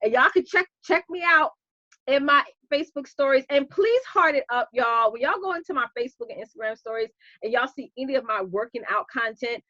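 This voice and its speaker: A woman coach hosting a casual live stream, chatty and animated, greeting viewers by name. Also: high voice, brisk, no room sound, muffled recording.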